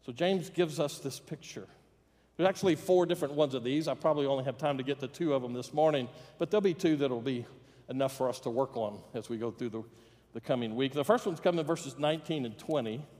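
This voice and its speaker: A man's voice: medium pitch, quick pace, a little mellow. A man preaching a sermon as pastor, telling a story with humor and acting out the voices in it. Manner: storytelling, plays out quoted voices with jokes. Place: church sanctuary. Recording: long reverb of a church hall.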